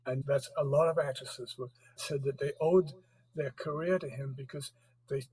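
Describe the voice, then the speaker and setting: A man's voice: medium pitch, fairly even intonation, normal speed, darkish tone, slightly rough, rough recording. A man, an author, chatting as a guest in an interview, agreeable and telling anecdotes. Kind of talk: casual interview chat.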